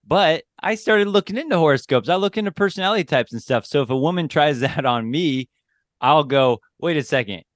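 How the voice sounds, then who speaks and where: A man's voice: a little high, a little fast, no room sound. A man co-hosting a podcast who chats about dating, laughing often and restarting his sentences. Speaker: podcast co-host. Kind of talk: casual podcast chat.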